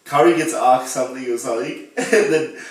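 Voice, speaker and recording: A man's voice: mid-range voice, brisk, a little hiss or hum. A young man co-hosting a podcast in casual chat, laid-back, laughing and swearing casually. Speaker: podcast co-host. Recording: echoey room, distant mic.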